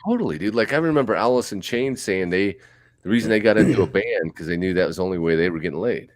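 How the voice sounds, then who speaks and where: A man's voice: low-pitched, animated, fast, dry recording. A middle-aged man co-hosting a podcast, telling loose, profane, rambling stories in casual chat. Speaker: podcast co-host.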